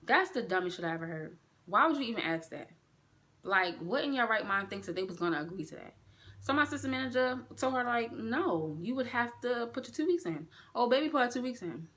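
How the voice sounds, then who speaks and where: Bright-voiced, animated woman venting. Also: fast. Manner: animated, profane, swings up in pitch when indignant. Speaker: vlogger. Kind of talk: storytime vlog, casual venting.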